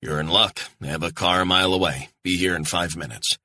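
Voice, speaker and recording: Male reader as a terse American operative, low husky voice, calm and guarded. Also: brisk, no echo, studio quality, full character voice. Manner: terse, understated replies.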